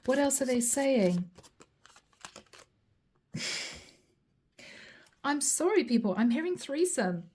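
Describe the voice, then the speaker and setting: A woman talks through a tarot reading with a fairly high but mellow, soft-edged voice. She keeps laughing as she goes and slips into the other person's words to act out their side. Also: husky. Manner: laughs often while reading, acts out what the other person says. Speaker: tarot reader.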